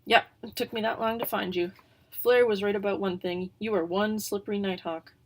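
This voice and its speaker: A woman's voice: medium pitch, steady tone, moderate pace, lightly acted. A woman voicing a sly, easygoing young female bird who has run off from her flock, in a storybook reading. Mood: offhand.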